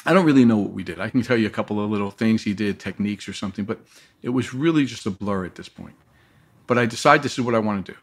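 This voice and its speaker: A lowish-voiced man talks at a quick pace while telling a long story from his life as an interview guest. His delivery is lively, and he performs the voices of those he quotes.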